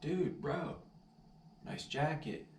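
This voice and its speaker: A man's voice: fairly high pitch, extremely slow, a little hiss or hum, voice pushed up, heavily acted. A man quoting a disbelieving dude who says "bro". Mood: excited. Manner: excited, disbelieving, calls everyone dude and bro. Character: insistent young man doubting a jacket's brand. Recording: roomy sound, distant mic, faint ambience.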